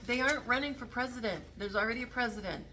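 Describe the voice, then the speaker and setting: A political commentary vlogger talks casually to camera in a quick, bright, forceful voice on the high side, with slight background noise. Earnest and rambling, she keeps interrupting and correcting herself as she goes.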